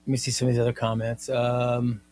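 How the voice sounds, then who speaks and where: A man hosting a comics live stream, chatting in an excitable, rambling way and often repeating himself. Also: mid-range voice, brisk. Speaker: comics livestream host. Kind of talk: casual live-stream chat.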